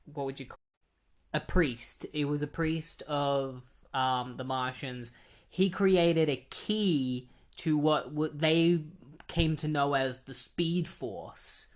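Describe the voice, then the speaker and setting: A man's voice: mid-range voice, fairly bright tone, clear, resonant tone. A man talking through a comic book plot in a loose, casual way. He rambles, stops often on fillers and restarts his sentences as he goes. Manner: rambling, many ums and likes. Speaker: comic book retrospective host.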